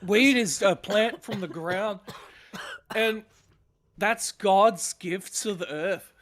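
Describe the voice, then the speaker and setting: A man co-hosting a comedic livestream, loud and profane, often shouting his rants. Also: high-pitched, slow pace. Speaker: co-host.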